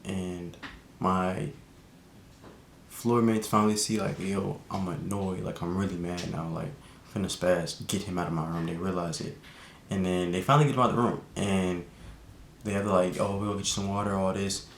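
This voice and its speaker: A young man telling a casual storytime vlog, slangy and animated, with lots of fillers. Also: moderate pace. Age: young adult. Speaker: vlogger. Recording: echoey room with faint rumble.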